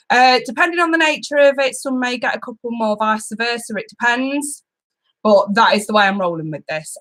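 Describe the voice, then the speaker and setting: A woman's voice: fairly high pitch, a bit bright. A woman hosting a live tarot stream, chatting casually and giggling as she greets viewers by name.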